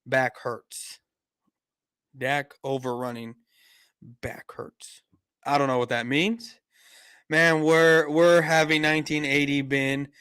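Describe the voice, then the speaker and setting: A man's voice: medium pitch, pushed and bright, smooth. A man hosting a casual sports live stream, rambling and argumentative. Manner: rambling, lots of fillers and restarts, argumentative.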